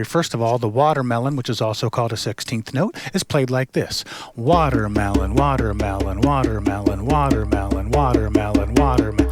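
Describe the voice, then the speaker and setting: A middle-aged man giving a casual drum lesson as a facilitator, relaxed and full of fillers, chanting rhythm words as he plays. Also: medium pitch. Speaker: drum circle facilitator and instructor. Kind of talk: casual instructional talk with chanted drum counts. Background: hand drum playing.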